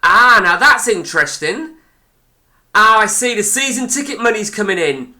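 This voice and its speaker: A man's voice: high-pitched, animated, normal speed, bright, forceful tone. A man streaming live, giving blunt, sweary, rambling commentary on a football management game.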